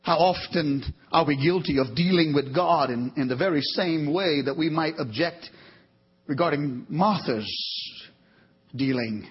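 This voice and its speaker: Husky guy preaching a sermon, slow and dramatic, goes loud then real quiet, restarts his words a lot, kinda muffled recording. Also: expressive. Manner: dramatic, swinging from loud emphatic peaks to soft low asides; repeats words and corrects himself mid-sentence. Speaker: pastor. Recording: dull lo-fi recording.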